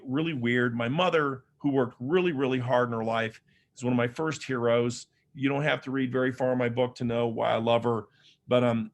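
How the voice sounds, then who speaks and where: Here a medium-pitched male author and speaker from Las Vegas, Nevada, USA, presents a motivational keynote. His personal stories come across as humorous, conversational, and self-deprecating.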